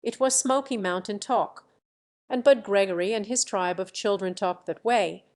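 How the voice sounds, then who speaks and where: A woman narrating an audiobook of a science fiction novel in an even, measured way. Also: medium pitch. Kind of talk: scripted narration.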